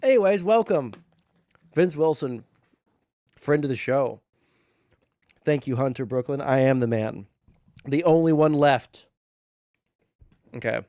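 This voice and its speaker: A man's voice: mid-range voice, a little slow, pauses often, mellow, no room sound, studio quality. A young man live-streaming casual chat while gaming, swearing constantly and ranting heatedly with self-mocking asides.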